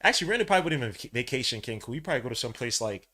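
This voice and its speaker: Give me an excitable New man hosting a fan watch-along, calling plays with heavy slang and sudden loud outbursts. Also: racing, slightly rough. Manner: excitable, swings from low muttering to loud shouting; heavy slang, calls out plays between asides. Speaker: podcast host.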